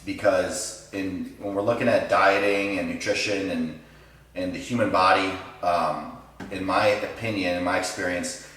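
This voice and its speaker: Low-voiced coach guy explaining stuff calmly, echoey room. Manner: measured, explanatory. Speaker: guest coach. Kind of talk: casual chat. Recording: roomy echo, far from mic.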